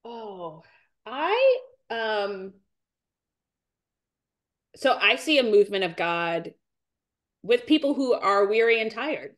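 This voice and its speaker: A woman's voice: very animated, takes it slowly, pauses often. A woman in her forties speaks as a podcast guest in an earnest, emotional testimony of faith. She is close to tears, circles back on her key phrases and lets her voice climb as feeling builds. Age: 40s. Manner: earnest, repeats phrases, rises in pitch as she grows tearful. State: near tears.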